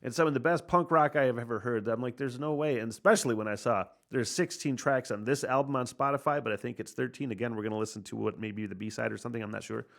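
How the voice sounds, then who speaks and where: A man hosting a podcast, reacting casually to a punk album, excitable and swearing often. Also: mid-range voice, fast talker, gravelly, hardly any pauses. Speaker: podcast host reviewing an album.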